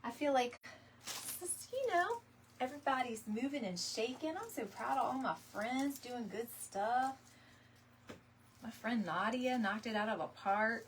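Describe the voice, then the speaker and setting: A woman's voice: medium pitch, a bit bright. Woman, forties, casual live stream chat, laughs often, greets viewers, faint background noise. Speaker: wreath-making live stream host.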